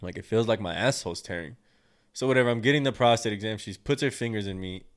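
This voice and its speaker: A man's voice: lowish voice, quick pace, clean tone. A young man hosting his own podcast, telling a personal story in a blunt, crude, rambling way with plenty of swearing. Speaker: podcast host.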